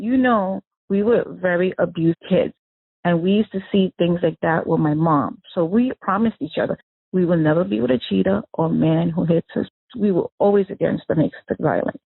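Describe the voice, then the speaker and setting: A woman, the victim's sister, recounting memories of her sibling in an emotional, animated way, acting out the dialogue she quotes. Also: fairly low pitch, creaky, husky, dry recording. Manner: animated storyteller who acts out quoted dialogue. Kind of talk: emotional first-person recollection. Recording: tinny phone-line audio.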